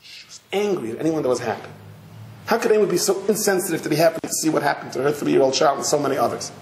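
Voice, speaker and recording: A rabbi telling a story in a sermon, animated and dramatic. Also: male voice, on the high side, fast talker, gravelly. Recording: echoey hall, faint noise.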